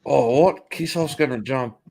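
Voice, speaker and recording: With a warm, mid-range voice touched by vocal fry, a middle-aged Australian man streams from his home office at a measured pace. He's profane and jokey, laughing often as he responds to viewers' messages.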